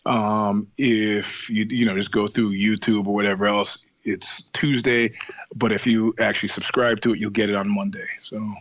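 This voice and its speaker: Animated, swearing man, slightly dull recording. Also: lowish voice, moderate pace, no room sound. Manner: animated, profane, laughs often. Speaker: guest. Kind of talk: casual storytelling interview.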